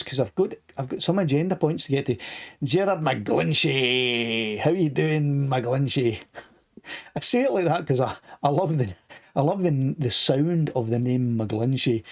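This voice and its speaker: Older Scottish host with a touch of throat trouble; rambling, chatty, reading out comments. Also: male voice, a little high, vocal fry, warm tone. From Scotland. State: a bit of a sore throat. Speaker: live stream host. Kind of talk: casual live stream chat.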